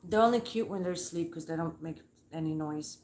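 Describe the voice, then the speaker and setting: A woman's voice: sits low, brisk, darkish tone, a little hiss or hum. A woman hosting a livestream from home, telling a story in a blunt, profane, fired-up way. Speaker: livestream host. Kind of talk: heated casual rant. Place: at home with dogs nearby. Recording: roomy echoey sound.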